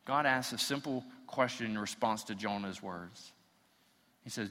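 A man's voice: fairly low pitch, measured pace, sharp tone, big-room sound. A man preaching a sermon, reading scripture aloud and acting out the quotes as his intensity builds. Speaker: pastor.

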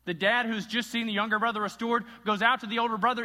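A male pastor delivering an impassioned sermon, swinging between loud emphasis and hushed moments. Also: sits high, steady tone, quick pace, long reverb tail.

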